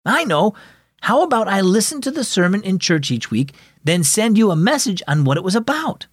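A man voicing an eager, excitable young boy in a children's audio story, with a raised, wide-eyed delivery. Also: high-pitched, moderate pace, breathy edge, no room sound, studio quality, voice pushed up, heavily acted. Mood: earnest. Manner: excited, wondering.

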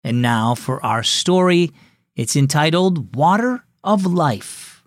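A man's voice: on the high side, lively intonation, slow, no echo, clean studio sound. A man hosting a children's devotional show, reading scripted narration and speaking encouragingly to young listeners. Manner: warm, encouraging, addresses kids directly.

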